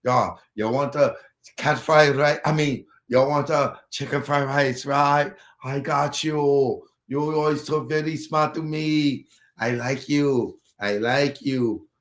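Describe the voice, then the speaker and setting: A two-faced restaurant worker put on by a man talks slowly in a falsely sweet sing-song. The voice echoes in a roomy space. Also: mid-range voice, steady tone, a bit bright. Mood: sly. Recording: roomy echo.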